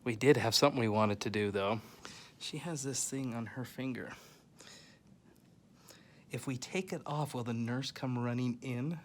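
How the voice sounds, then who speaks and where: A man's voice: medium pitch, normal speed, long pauses, a little hiss or hum. A man filming a vlog in a hospital room, talking in a playful, teasing way and laughing often, into the phone he holds. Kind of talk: casual joking vlog. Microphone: phone camera he holds.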